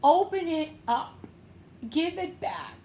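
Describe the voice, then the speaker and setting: A woman tarot reader and medium giving an emotional, tearful reading with a slow, pleading delivery. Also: very high voice, sing-song, warm tone, echoey room, slight background noise.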